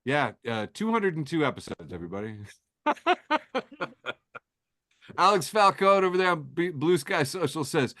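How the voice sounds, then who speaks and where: A man's voice: a little high, big pitch swings, moderate pace, pauses often, pushed and bright, dry recording. A man co-hosting a casual comedy podcast, telling anecdotes in a laid-back way with dry asides. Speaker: podcast co-host. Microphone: remote call mic.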